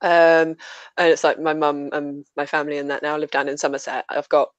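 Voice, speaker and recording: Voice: medium pitch, level tone, a little fast, clean tone, dry recording, highs cut off. A guest from southern England whose accent has picked up some Scouse, chatting casually and laughing easily between many fillers. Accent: southern English with some Scouse. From England, Buckinghamshire. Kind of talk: casual streamed chat.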